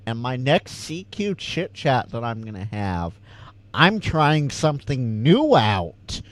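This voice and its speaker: A man's voice: medium pitch, big pitch swings, slow pace, no room sound. A Californian man with a slight Southern twang, hosting a casual livestream Q&A and chatting to viewers, often stammering and repeating words. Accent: slight Southern American twang. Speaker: ham radio livestream host.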